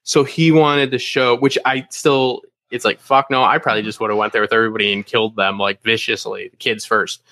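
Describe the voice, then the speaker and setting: A young man on a fan discussion panel, talking casually in an animated, rambling way, with lots of swearing and filler words. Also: medium pitch, a little fast, hardly any pauses, no room sound. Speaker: podcast panelist.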